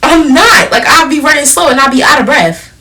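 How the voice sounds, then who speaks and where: A woman's voice: high voice, a little fast, recorded from a distance. A seventeen-year-old girl co-hosting a podcast, chatting casually and telling stories with laughter. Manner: laughing, animated storytelling. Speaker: podcast co-host. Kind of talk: casual chat.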